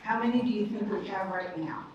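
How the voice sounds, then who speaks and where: A woman's voice: medium pitch, fairly quick, muffled recording. A woman, a college dean giving an upbeat, chatty ceremony speech that speaks straight to the audience. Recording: echoey hall, distant mic, background noise.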